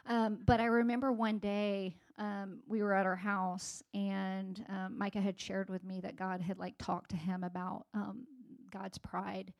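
A woman's voice: mid-range voice, level tone, unhurried, creaky, few pauses. A woman in her forties giving a sermon-style personal talk to a congregation, conversational, with many fillers and restarts. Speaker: speaker at a church gathering.

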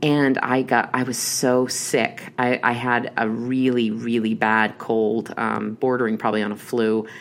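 A woman's voice: extremely low pitch, level tone, a little slow, few pauses. A young adult woman telling a long, rambling personal story in casual chat, with many restarts and fillers. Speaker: horror podcast host.

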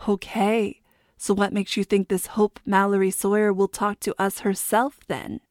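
A woman narrating a storybook voices a calm, kind teenage girl who speaks in a hushed voice. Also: medium pitch, normal speed, no room sound, clean studio sound, lightly acted.

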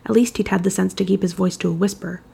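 A woman reading fan fiction aloud in a steady, measured storytelling manner. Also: medium pitch, creaky, husky. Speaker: narrator.

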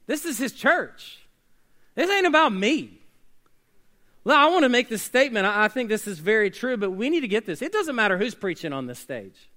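A man preaching a sermon as pastor, swinging between loud emphatic bursts and quiet hushed lines. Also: high voice, big pitch swings, moderate pace. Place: church sanctuary.

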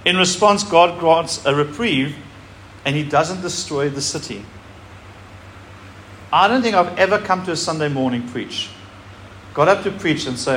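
A man's voice: a little high, a little slow, long pauses. Male preacher, slightly raised voice, emphatic scripture reading, faint hiss behind. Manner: animated preaching, reads scripture aloud with emphasis. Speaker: pastor. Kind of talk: sermon.

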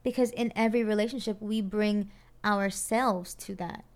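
A woman's voice: medium pitch, steady tone, normal speed. A woman giving an earnest, reflective talk on parenting, often repeating phrases and checking in with her listeners. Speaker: parenting speaker.

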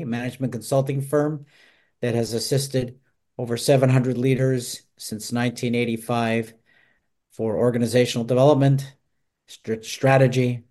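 A man hosts a business interview show, and his pitch sits in the middle for a man. He introduces guests in a friendly, joking way. The sound comes from a video call. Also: warm tone. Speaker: host. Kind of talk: radio interview hosting.

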